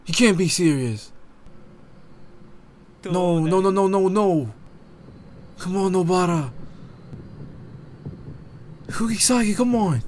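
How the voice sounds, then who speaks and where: Male reaction host, lively swinging pitch, unhurried delivery, slangy exclamations. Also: a little hiss or hum. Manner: excitable exclamations and casual slang. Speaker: anime reaction creator. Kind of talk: live reaction commentary.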